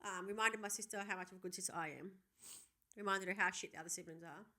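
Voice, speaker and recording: A woman's voice: medium pitch, fast. A woman, co-hosting a podcast in casual chat and telling stories with lots of swearing and animation. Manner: animated storyteller, swears freely. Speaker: podcast co-host.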